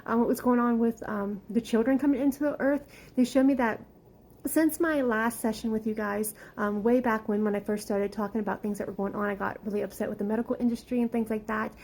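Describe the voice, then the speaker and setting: A woman's voice: on the high side, fairly even intonation, a little fast, darkish tone, slight background noise, rough recording. A woman giving an earnest, rambling spiritual talk, full of fillers and at times close to tears. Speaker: spiritual channel.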